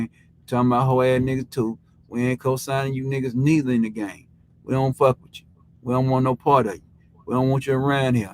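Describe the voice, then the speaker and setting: A man's voice: mid-range voice, rough recording. Rambling man hosting a live show. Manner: loose, rambling and heavily profane, with constant filler tags. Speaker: host of a live sports recap show. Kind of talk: casual live-stream rant.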